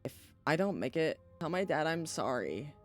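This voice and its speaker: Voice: medium pitch, sing-song, moderate pace, faint music behind, lightly acted. A streamer voicing an injured teenage girl who talks faintly and apologetically, reading from a story game. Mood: weak. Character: injured teen girl, weak and guilty.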